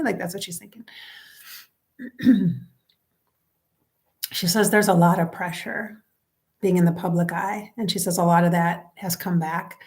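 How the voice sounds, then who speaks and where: A woman doing a casual spoken psychic reading who talks straight to her viewers. She is chatty and emotional and often drops into soft, near-whispered asides. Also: on the low side, fairly even intonation, a little slow, pauses often. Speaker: psychic medium.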